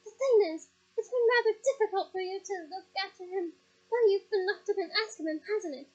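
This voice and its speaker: Storybook reading: a woman doing a shrill, fiercely protective mother who snaps loudly. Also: steady tone, normal speed, highs cut off. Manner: sharp, forceful outbursts. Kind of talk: reading a novel aloud.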